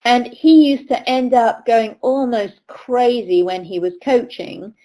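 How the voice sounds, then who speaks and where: A middle-aged woman from the UK, working as a riding coach, delivers a webinar full of stories, performing the voices of those she quotes. She speaks unhurriedly in a somewhat high voice with a dark tone, captured on a low-quality recording.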